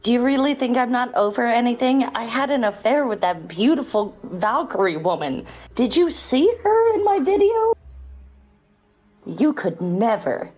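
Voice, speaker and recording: A woman's voice: on the high side, lively intonation, moderate pace, a little mellow, voice pushed up. A woman voicing a bitter, estranged woman adventurer in a tabletop game, speaking with scorn. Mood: scornful.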